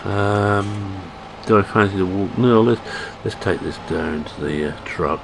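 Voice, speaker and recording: Low gravelly Scottish man narrating gameplay. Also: steady tone, unhurried. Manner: chatty, self-deprecating, thinking aloud. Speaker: gaming channel host. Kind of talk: casual gameplay commentary. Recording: game engine and vehicle noise behind.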